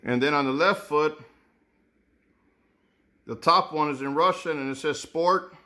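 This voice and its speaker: A man's voice: fairly high pitch, a little slow, bright, forceful tone. A man casually reviewing sneakers, thinking aloud with many repeated words and restarts. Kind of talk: casual unboxing commentary.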